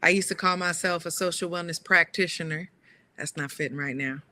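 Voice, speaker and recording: A woman who works as a social wellness educator, speaking deliberately in a casual livestream chat with affirming interjections. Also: fairly low pitch, bright, forceful tone.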